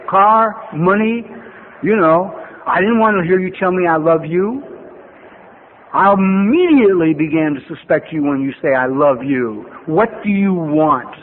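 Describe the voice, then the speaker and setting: Older male speaker, high voice, blunt and wry, lo-fi tape, tinny with faint hiss. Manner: blunt, profane, wry storytelling with animated bursts. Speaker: recovery meeting speaker. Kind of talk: personal testimony talk with storytelling.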